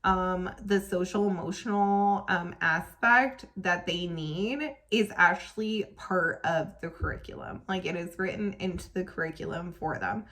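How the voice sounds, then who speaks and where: A woman's voice: on the low side, a little slow, hardly any pauses, fairly bright tone. A young woman telling a personal story as a parent vlogger, emotional and full of "um" and "like" fillers. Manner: emotional, tearful at times, many fillers like "um" and "like".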